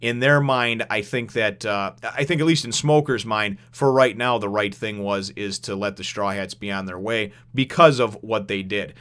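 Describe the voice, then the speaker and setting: A man's voice: on the low side, normal speed, hardly any pauses, a bit bright, clean tone. A man giving a casual spoken review, rambling with lots of fillers and restarts, and laughing as he retells scenes. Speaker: manga chapter reviewer.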